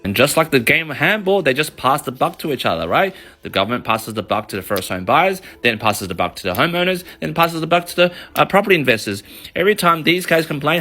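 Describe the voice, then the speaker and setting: A man with an Australian accent, a mortgage broker telling an animated, swear-laced explainer story with sound effects. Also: mid-range voice, quick pace. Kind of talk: casual explainer monologue.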